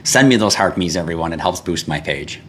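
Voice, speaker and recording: Guy doing a live stream, reading chat questions, blunt and sweary, kinda low voice. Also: brisk, slight background noise. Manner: blunt and profane, gets irritated and animated; reads out viewer questions and answers them. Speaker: livestream host. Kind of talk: casual livestream chat reading comments.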